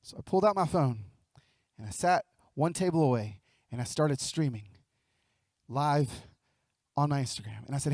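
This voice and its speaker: A man giving a motivational keynote speech, telling a story in an animated way and acting out dialogue, with quick repeated words. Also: mid-range voice, no room sound. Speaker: keynote speaker. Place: luncheon event hall.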